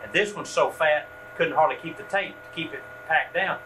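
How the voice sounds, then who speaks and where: A man's voice: on the high side, moderate pace. Folksy man telling a story. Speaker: ministry workshop leader. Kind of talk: storytelling talk with prayer. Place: meeting room at a church event. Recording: distant mic with steady hum.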